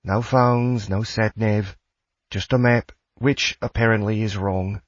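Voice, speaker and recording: A man's voice: lowish voice, fairly even intonation, slow, dry recording, highs cut off. A man voicing a frail, cheeky teenage girl in an audiobook.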